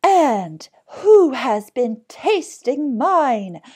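A woman voicing a middle-sized storybook bear, high, loud and complaining. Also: sing-song, drawn-out words, slightly rough, full character voice.

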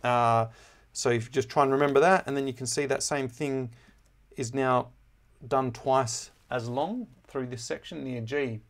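A male music teacher talks through a score in a loose, easygoing voice, with ums and quick corrections scattered throughout. His pitch sits in a middle range, neither deep nor high. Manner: relaxed, chatty, with many fillers and self-corrections. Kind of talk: casual score walkthrough.

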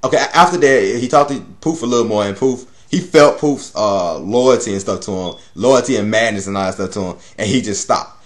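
A man's voice: on the low side, brisk, hardly any pauses. A man giving a casual, rambling anime episode review, swearing and laughing often.

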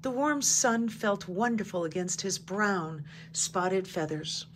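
A woman reading a children's picture book aloud, gentle and clear. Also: medium pitch, lively intonation, takes it slowly, background noise. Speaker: storybook reader. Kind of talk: children's story read-aloud.

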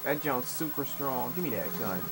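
A man's voice: medium pitch, normal speed, over music. Swearing young man commentating on gameplay. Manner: profane, frustrated, with excited outbursts. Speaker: gamer. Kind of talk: live commentary over gameplay. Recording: noisy capture over game audio. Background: game sounds.

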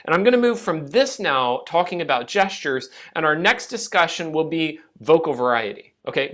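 A male speech teacher giving a classroom lecture. His pitch rises and falls a lot as he makes his points, and his delivery is demonstrative, with frequent restarts mid-phrase. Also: fairly bright tone.

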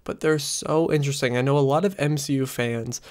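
A man's voice: mid-range voice, brisk, darkish tone. A man giving a casual spoken review into a close USB desk microphone, rambling with lots of fillers. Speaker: film and TV reviewer.

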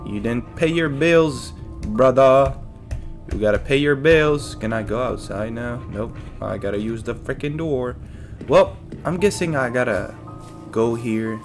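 A let's play streamer with a mid-range voice talks at a measured pace over soft background music. He jokes with himself and his chat during casual gameplay commentary and yelps when something scares him.

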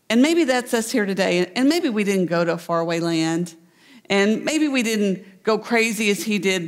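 A woman pastor delivers a sermon, bringing a parable to life in a storytelling manner. Her voice sits at a medium pitch. The sound carries the long reverb of a church sanctuary. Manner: storytelling, voicing the characters in the parable.

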